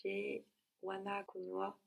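Woman, language student, breathy, flat intonation, short hesitant answers. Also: mid-range voice, unhurried. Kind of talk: answering drills in a lesson.

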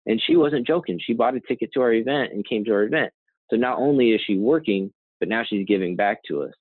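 Deep-voiced man telling a story, tinny. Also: quick pace, husky, dry recording. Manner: rambling, frequent "right?" and "you know" asides. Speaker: nonprofit co-founder and CEO, guest. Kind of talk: conversational storytelling interview. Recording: dry, tinny phone-like line.

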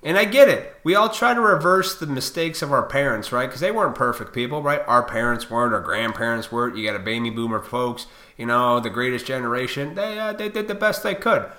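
A man in his forties rants to his viewers in a combative, profane monologue. His voice is bright and forceful. The recording picks up a noticeable echo from the room. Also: medium pitch, animated, brisk, hardly any pauses. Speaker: vlogger. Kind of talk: ranting monologue to camera. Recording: echoey room.

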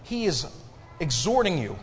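Male preacher, fairly high, lively voice, call-and-response sermon, echoey church hall. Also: faint music behind. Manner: preaching with rising emphasis and call-and-response pauses. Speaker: pastor. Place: church sanctuary.

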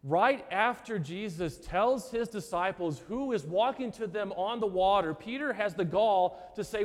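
A man preaching a sermon as pastor, earnest and emphatic, often repeating words and pausing for effect. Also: sits high, expressive. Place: church sanctuary. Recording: church hall with long reverb.

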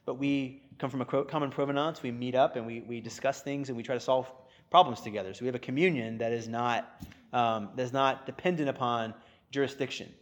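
A man's voice: medium pitch, fairly even intonation, a little fast. A man from the United States, a guest explaining church history in casual, chatty talk full of fillers, who acts out quoted speech as he goes.

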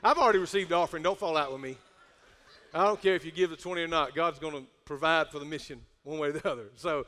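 A middle-aged pastor preaching a sermon, calling for amens and swelling into shouts. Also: male voice, a little high, big pitch swings, quick pace. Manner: preacherly, rising to shouts, calls for amen. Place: church sanctuary. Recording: long hall reverb.

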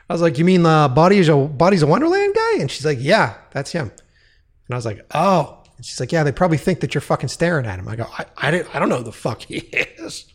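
Guy rambling thru a story, swears a lot, voice sits kinda high for a dude. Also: normal speed, long pauses, husky. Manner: profane, rambling, animated storytelling. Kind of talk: casual storytelling monologue.

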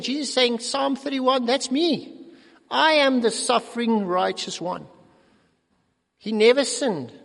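A middle-aged male pastor delivers a sermon in a fairly high voice with a gravelly edge. He acts out quotations with sudden swings from loud to soft. The sound carries the long reverb of a large church hall. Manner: animated, acting out quotes with big swings in loudness.

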